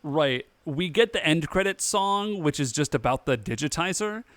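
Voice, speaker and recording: A man co-hosting a podcast in casual chat, recapping the plot in a relaxed way. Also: fairly high pitch, normal speed. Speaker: podcast co-host.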